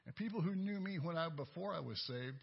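Man, husky breathy voice, folksy preacher, storytelling sermon, dull lo-fi recording. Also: fairly high pitch, animated, brisk. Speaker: lay preacher. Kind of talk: sermon with personal testimony.

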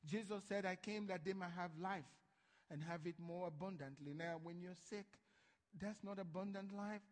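A male pastor preaching a sermon, swinging from hushed lines to loud ones and acting out voices from Bible stories. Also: high-pitched, moderate pace, in a large hall.

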